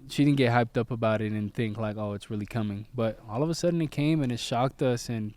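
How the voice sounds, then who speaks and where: Smooth-voiced man explaining calmly. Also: medium pitch, a little fast. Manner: earnest, explanatory, laid-back. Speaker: vlogger and father. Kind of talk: casual storytelling.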